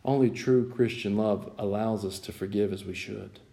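Preacher, man, sinus-strained squeaky creaky voice, folksy asides, rising to loud emphatic peaks. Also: fairly even intonation, normal speed. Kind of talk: sermon.

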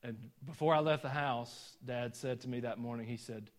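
A man's voice: mid-range voice, moderate pace. A middle-aged man with a Southern Georgia accent preaching a sermon, folksy and self-deprecating, telling personal stories with chuckling asides. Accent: Southern US (Georgia, some Tennessee). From Georgia, USA. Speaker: pastor.

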